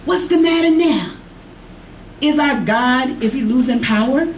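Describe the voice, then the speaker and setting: A woman preaching a sermon, swinging from high emphatic calls to low joking asides. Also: measured pace. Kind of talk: sermon to a congregation. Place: church. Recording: echoey room from far off, faint noise.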